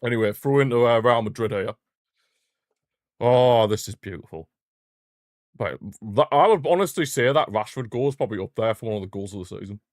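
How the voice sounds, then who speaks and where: A young man streaming a live football watchalong, chatting as a fan and shouting when his team scores. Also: medium pitch, a little fast, dry recording, studio quality. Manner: excitable fan, bursts into shouting at goals. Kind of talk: live match watchalong commentary.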